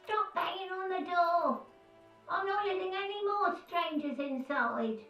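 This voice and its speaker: A woman's voice: very high-pitched, a little slow, echoey room, muffled recording, soft background music. A curt, wary old lady. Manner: curt, dismissive. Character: wary elderly woman refusing to open her door.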